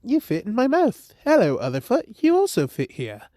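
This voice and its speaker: A man's voice: very high voice, huge pitch swings, moderate pace, dark tone, no echo, studio quality, voice pushed up, full character voice. A man voicing an awkward, apologetic teenage girl who hesitates with ums.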